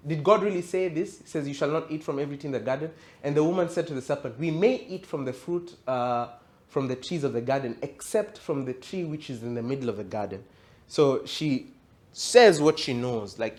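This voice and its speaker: A male pastor giving an interactive Bible teaching, reading scripture aloud and quizzing his audience in a conversational way that rises to emphatic. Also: medium pitch.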